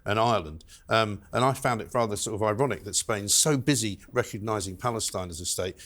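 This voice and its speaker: A man's voice: lowish voice, a little fast, fairly bright tone. A man hosting a panel show, chatting with wry, chuckling asides. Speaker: host.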